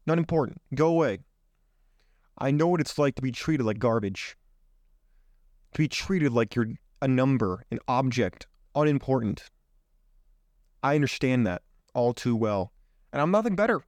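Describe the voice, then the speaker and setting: A man's voice: medium pitch, animated, moderate pace, pauses often, darkish tone, dry recording. A man hosting a podcast, giving an emphatic motivational monologue full of rhetorical questions, speaking into his own microphone. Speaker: podcast host. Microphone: own microphone on camera.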